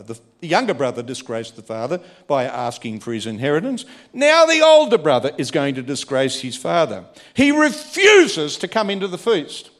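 A man preaching a sermon, emphatic, moving between quiet asides and a raised voice. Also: mid-range voice. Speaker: pastor.

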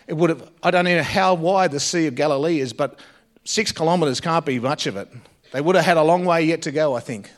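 A man preaching a sermon, earnest, with frequent pauses and phrase endings that drop soft. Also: a little high. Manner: earnest, pausing often and dropping softly at phrase ends.

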